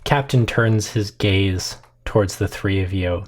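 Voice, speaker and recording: A man's voice: on the low side, measured pace, few pauses. A man narrating as game master in a casual, laid-back way.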